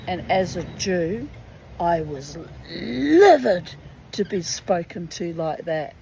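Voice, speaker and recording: A woman's voice: on the low side, animated, slow pace, creaky, dark tone, a little hiss or hum, rough recording. A middle-aged woman, talking bluntly and indignantly in a rambling personal monologue, swearing freely. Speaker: reader and storyteller.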